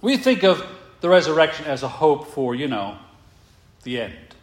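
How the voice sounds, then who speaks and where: Male preacher with a lively rising and falling voice, unhurried, echoing sanctuary, asks the room questions. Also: on the high side. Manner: rhetorical questions, emphatic, slows down for stress. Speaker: pastor. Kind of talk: sermon.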